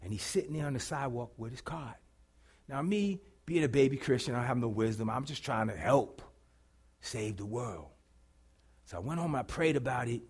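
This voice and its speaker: A middle-aged man preaching a sermon, telling a story dramatically and swinging from hushed to shouting. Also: medium pitch, lively intonation, moderate pace, breathy edge.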